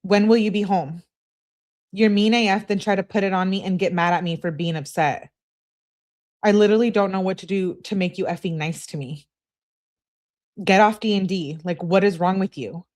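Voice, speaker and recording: A woman's voice: medium pitch, normal speed, darkish tone, natural voice. A woman reading aloud the text messages of a pushy young woman to her boyfriend, in a demanding tone, with curse words spelled out as letters.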